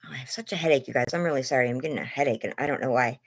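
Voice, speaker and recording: Speaking rapid-fire in a bass voice, a woman streams from her bed at home on her phone, rambling and excitedly welcoming viewers by name. She complains of losing her voice and sore lungs, and she does sound increasingly worn.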